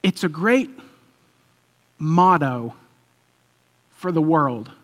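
A man's voice: a little high, lively intonation, drawn-out words, a bit bright. A man preaching a conversational sermon, telling a story loosely with fillers and chuckles. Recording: long hall reverb.

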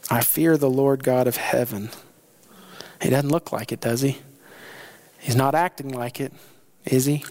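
A man preaching a sermon, animated, acting out the sailors' lines with sudden jumps in pitch and volume and laughing as he talks. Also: unhurried, long pauses. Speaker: pastor.

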